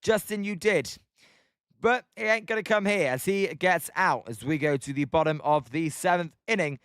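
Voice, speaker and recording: A man's voice: fairly high pitch, normal speed, a bit bright, smooth, dry recording, studio quality. A British man giving casual live-stream baseball commentary, chatting and swearing often while reading out the chat.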